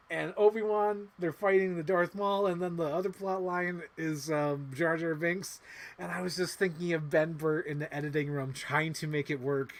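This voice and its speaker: A man hosting a casual livestream, rambling excitedly and swearing often, acting out little movie quotes as he talks. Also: a little high. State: emotional. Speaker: livestream host.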